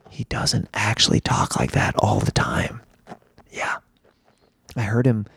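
Hoarse, rambling man hosting a podcast. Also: mid-range voice, dry recording, studio quality. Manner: rambling, self-mocking, excitable. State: hoarse from laryngitis. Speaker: podcast host. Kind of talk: casual solo podcast chat.

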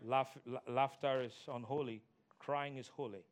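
A man preaching a sermon as pastor, animated, mimicking people and singing snatches of a hymn. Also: mid-range voice, moderate pace. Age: adult.

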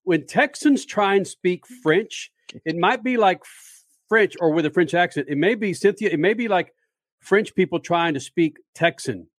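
A man hosting a motorsports radio show, interviewing a guest in a jokey, energetic way. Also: high voice, moderate pace, no echo, clean studio sound.

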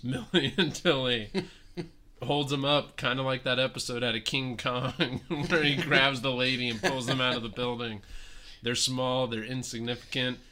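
A man's voice: mid-range voice, pushed and bright. A man improvising an absurd comedic story on a podcast, laughing as he rambles. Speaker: podcast co-host.

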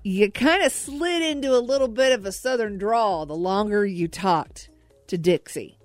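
A woman's voice: medium pitch, normal speed, faint music behind. A woman from the US Midwest co-hosting a radio show, teasing her co-host and laughing often in casual banter. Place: radio studio. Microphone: studio mic.

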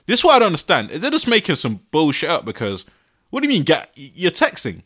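Bright animated young man. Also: fairly high pitch, a little fast. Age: 20s. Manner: animated, laughs often, exasperated. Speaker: podcast host. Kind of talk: casual solo podcast. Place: his bedroom.

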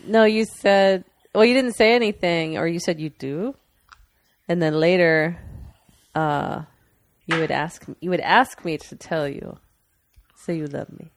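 A woman's voice: lowish voice, unhurried, dry recording. A woman co-hosting a podcast, teasing and laughing in casual chat. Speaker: podcast co-host.

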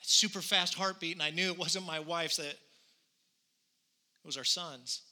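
A man's voice: fairly high pitch, steady tone, measured pace, sharp tone. A man in his thirties preaching a sermon, telling a personal story earnestly and building to conviction. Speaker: pastor.

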